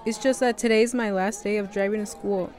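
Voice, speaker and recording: A woman's voice: medium pitch, fairly even intonation, brisk, a little mellow, close to an everyday voice. A young woman voicing an earnest, worried seventeen-year-old girl who also narrates. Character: seventeen-year-old Mexican-American girl, responsible and stressed. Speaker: narrator and lead.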